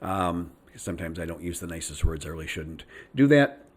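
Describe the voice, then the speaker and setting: A man's voice: low-pitched, expressive, moderate pace, husky. An older man talking casually in a rambling vlog, chatty, with many fillers and restarts. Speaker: vlogger. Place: his home in Thailand.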